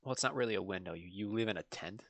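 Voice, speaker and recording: Game master, tabletop narration, halting filler-heavy questions, dry close sound. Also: low voice, no echo.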